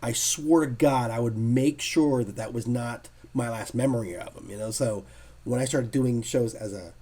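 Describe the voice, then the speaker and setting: A man telling stories in a casual podcast chat, lively and acting out the people he quotes. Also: medium pitch, moderate pace, breathy edge. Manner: lively storyteller, acts out quotes. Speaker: guest artist telling convention stories.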